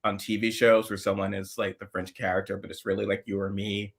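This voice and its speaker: A man's voice: on the low side, level tone, a little fast, gravelly, husky. A man hosting a casual political chat over a video call, chatty and rambling with a playful streak. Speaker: host.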